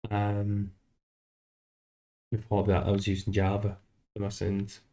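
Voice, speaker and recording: A man streaming live while coding a game, thinking aloud in a halting, self-deprecating way. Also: fairly low pitch, monotone, mellow.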